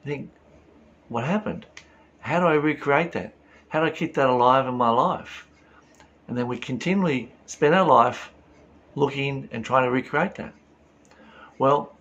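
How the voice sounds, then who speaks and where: A man's voice: medium pitch, fairly bright tone, lo-fi sound. A man giving a reflective spiritual talk, earnest and full of rhetorical questions. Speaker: spiritual teacher.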